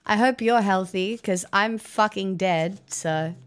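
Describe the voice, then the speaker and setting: Aussie girl streaming, slow easy chat, clear smooth voice, still getting over being sick. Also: medium pitch. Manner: chatty, thanking viewers, wry asides. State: recovering from illness, coughing. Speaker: livestreamer. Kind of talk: casual livestream chat.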